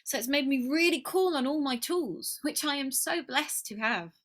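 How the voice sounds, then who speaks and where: Woman talking in a vlog, bright kinda high voice, earnest and heartfelt, drops to whispers sometimes. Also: lively intonation, moderate pace. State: emotional. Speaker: spiritual mentor. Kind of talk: reflective personal video talk.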